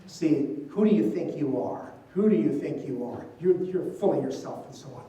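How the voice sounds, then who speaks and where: A man's voice: a little high, lively intonation, moderate pace, warm tone. An older man, a priest, giving a conversational talk full of stories and "you know" asides. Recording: distant mic in an echoey hall.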